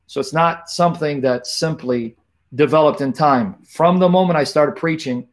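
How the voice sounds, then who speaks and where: Speaking at a moderate pace in a slightly high voice, this middle-aged livestream host banters lightly with his online audience. Later he prays with intensity, repeating lengthy invocations.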